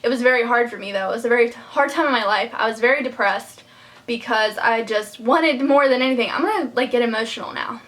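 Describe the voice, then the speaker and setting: Nearly in tears, a young woman shares her personal life in a storytime vlog, speaking fairly quickly with a fairly high, fairly bright voice. It's heartfelt and rambling, full of fillers and false starts.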